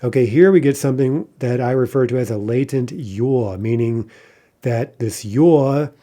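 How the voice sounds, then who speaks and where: A middle-aged male teacher walks through a recorded grammar lesson, his voice mellow and warm. He explains patiently and slows down to pronounce each example word. He keeps checking in with a quick "right?". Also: mid-range voice. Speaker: language teacher.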